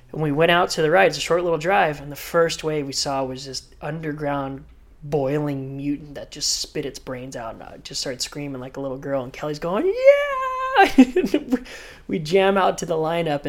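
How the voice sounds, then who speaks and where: Animated man telling a surf story. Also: fairly high pitch. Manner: animated, vivid storyteller who acts out others' lines. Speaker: professional surfer guest. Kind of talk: casual podcast storytelling.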